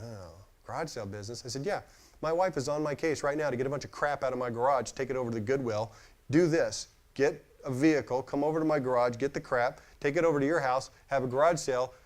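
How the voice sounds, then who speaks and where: Man telling a story with energy. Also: mid-range voice. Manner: animated storyteller acting out quoted dialogue. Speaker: speaker. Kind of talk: storytelling talk.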